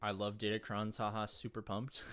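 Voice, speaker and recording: A man's voice: on the low side, fairly bright tone. A man streaming live, talking casually in a rambling, jokey way and swearing freely. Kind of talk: casual livestream chat.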